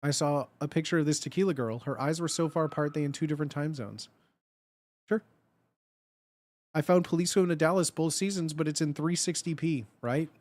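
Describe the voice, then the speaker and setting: A man's voice: fairly high pitch, fairly quick, darkish tone, no room sound. A man in his thirties chatting casually on a livestream, blunt and profane, and laughing often.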